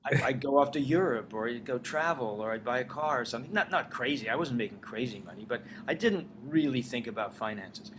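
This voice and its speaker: Speaking fairly quickly with hardly any pauses, a former singer turned writer-director shares career anecdotes in a relaxed Los Angeles interview. The older man is lively and acts out every quoted line. His pitch is medium, and a little hiss or hum can be heard.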